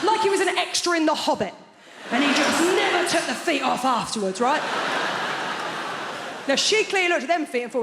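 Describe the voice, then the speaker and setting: High-voiced woman doing stand-up in a theatre. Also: expressive, a little fast. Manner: chatty, punchy storytelling with frequent "okay?" and "right?" asides. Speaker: stand-up comedian. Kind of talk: stand-up comedy routine. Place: large theatre stage. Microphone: stage mic. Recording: live theatre with long reverb and faint noise.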